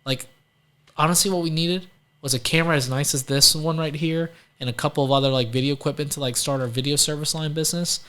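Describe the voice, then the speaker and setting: A man's voice: a little high, steady tone, quick pace, fairly bright tone, clean tone. A man from Louisiana as a guest entrepreneur, telling stories in a casual, chatty way. He fills his talk with "like" and acts out the people he quotes. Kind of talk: casual storytelling interview.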